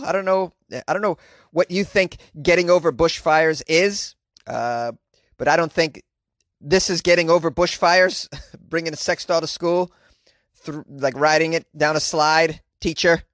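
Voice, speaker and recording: A man's voice: on the high side, a bit bright, no echo, clean studio sound. A man hosting a comedy podcast from a home closet, rambling and chatty with profane asides. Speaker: podcast host. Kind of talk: casual comedic monologue.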